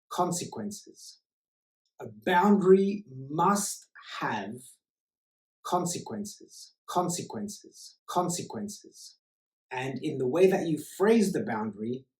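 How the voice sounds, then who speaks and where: A man speaking as a life coach in a motivational self-help talk, emphatic and repeating key words for stress. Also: fairly high pitch. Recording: roomy echo.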